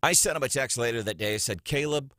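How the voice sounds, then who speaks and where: A man hosting a morning radio show in a studio, talking in a chatty, animated way and laughing often. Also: mid-range voice, fast talker, no echo.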